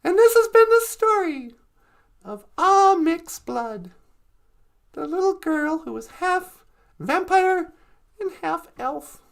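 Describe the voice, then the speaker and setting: Playful high-voiced woman storyteller. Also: lively intonation, slow pace, creaky, long pauses. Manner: playful, laughing, self-correcting. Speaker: storyteller host. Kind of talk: casual oral storytelling.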